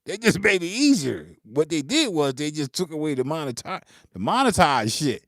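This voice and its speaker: A man's voice: on the high side, sing-song, normal speed, fairly bright tone, no echo, clean studio sound. A man, ranting unscripted to camera about music gear, swearing freely, laughing and mimicking his critics. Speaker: beatmaker hosting his channel.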